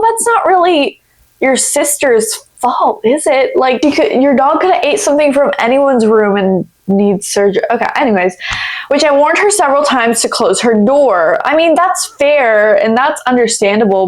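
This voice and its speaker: Chatty woman vlogger with a higher voice, reads posts aloud and rambles in blunt asides. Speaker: YouTuber reading online posts. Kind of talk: casual chat and reading with commentary. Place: home office.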